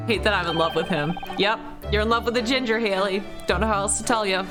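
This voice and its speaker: A woman's voice: medium pitch, fast, few pauses. A woman streamer giving joking, casual commentary as she plays, swearing freely. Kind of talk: casual live game commentary. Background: game music.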